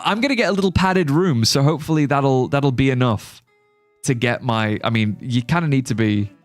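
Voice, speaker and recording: Brief: British male streamer, animated and jokey, easy casual chat. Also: medium pitch. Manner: chatty, joking, reads chat aloud. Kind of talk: casual live gameplay chat.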